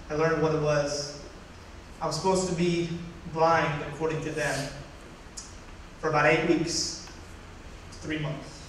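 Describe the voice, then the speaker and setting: A man's voice: fairly high pitch, distant mic, slight background noise. Young man telling a story, echoey hall. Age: young adult. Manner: animated storytelling, acting out quoted voices. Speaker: student speaker. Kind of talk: personal story talk.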